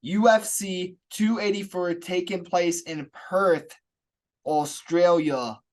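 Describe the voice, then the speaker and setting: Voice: mid-range voice, steady tone, slow pace. Upbeat jokey podcast co-host. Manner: upbeat, jokey, plugs the show. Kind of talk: casual sports podcast chat.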